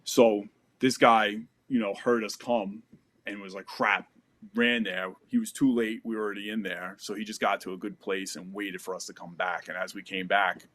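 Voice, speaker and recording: Guy in his 30s, kinda low voice, telling a story on a podcast, lots of "like" and "you know", swears a bit. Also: level tone, moderate pace, a bit bright. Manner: loose and profane, peppered with "like" and "you know". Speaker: podcast guest. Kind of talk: casual storytelling.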